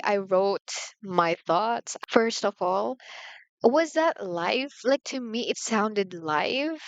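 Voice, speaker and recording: A woman's voice: medium pitch, fairly bright tone, no echo. A young woman talking casually to her viewers, rambling and slangy with lots of "like", candid and confessional. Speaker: vlogger. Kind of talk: casual confessional chat to camera. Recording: slightly muffled, dry room.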